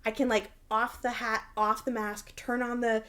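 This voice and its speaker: A woman's voice: on the high side, normal speed. A woman in her thirties, co-hosting a casual chat and telling a story, acting out the voices in it. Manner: animated storyteller acting out quotes. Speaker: podcast co-host.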